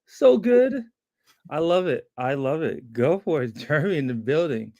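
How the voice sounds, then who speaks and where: A man's voice: medium pitch, expressive, moderate pace, darkish tone, no room sound, muffled recording. A man co-hosting a casual developer live stream. He talks upbeat and greets viewers by name.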